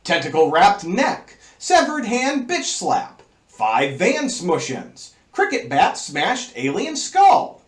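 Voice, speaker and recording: A male movie review host with a high, animated voice that swoops up and down as he gleefully reads out a crude, over-the-top list. He takes his time, and the room around him rings with a noticeable echo. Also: takes it slowly, few pauses. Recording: roomy echo.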